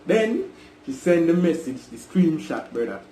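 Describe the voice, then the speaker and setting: A young Jamaican-accented man, a vlogger, confronts his brother on a call, pressing him repeatedly and calling him "brother" again and again. His fairly high voice is mellow and sing-song at a measured pace. The room is echoey with faint background noise.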